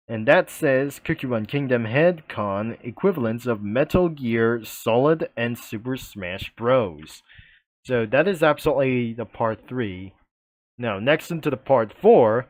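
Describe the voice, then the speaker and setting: A man's voice: mid-range voice, lively intonation, unhurried, no echo. A man casually narrating a comic, rambling and stumbling over his words.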